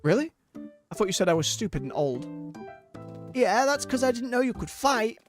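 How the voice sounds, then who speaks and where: A streamer voicing an excitable, brash young child who blurts things out eagerly. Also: medium pitch, normal speed, faint music behind, pitched above the performer's own voice, lightly acted. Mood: excited.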